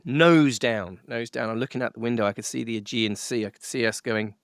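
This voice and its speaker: A middle-aged man recounts a story as a podcast guest, laughing often and tripping over fillers and restarts. His voice sits at an ordinary pitch for a man. The sound is close and dry, with no room around it. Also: brisk, smooth, no room sound. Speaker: guest musician.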